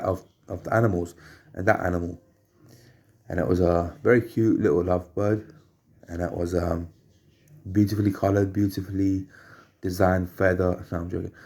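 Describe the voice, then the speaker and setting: A man at home telling rambling personal anecdotes, halting and repeating phrases as he searches for words. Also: sits low, vocal fry, mellow. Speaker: storyteller.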